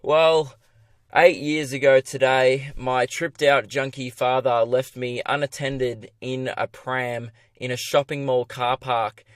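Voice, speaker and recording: An earnest young boy with a sorry tale, as a man puts him on. He speaks slowly and plainly. He tells it straight, with no drama. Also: mid-range voice, fairly bright tone, clear, resonant tone, dry recording, natural voice. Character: young boy with a hard-luck story.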